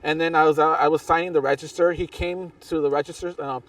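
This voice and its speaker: A man's voice: a little high, steady tone, fast talker, no echo, far from the mic. A man guest on a podcast, telling a long hiking story in a rambling way, with many restarts and fillers. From Southern California. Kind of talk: casual storytelling interview.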